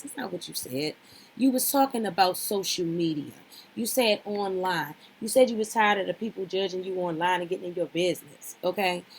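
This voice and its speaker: With a mid-range voice and a little hiss or hum on the recording, a woman recaps a reality show on her vlog. She's opinionated and blunt, swearing freely, addressing the people she discusses directly and repeating points for emphasis.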